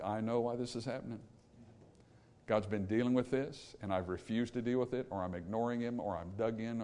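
A man preaching, swinging between loud emphatic points and hushed pleading. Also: medium pitch. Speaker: pastor. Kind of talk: sermon. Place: church sanctuary.

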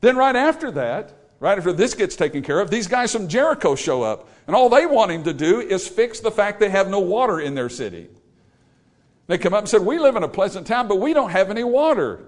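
A man preaching a sermon, storytelling and acting out the people he quotes. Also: high-pitched. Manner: animated, acts out quoted voices.

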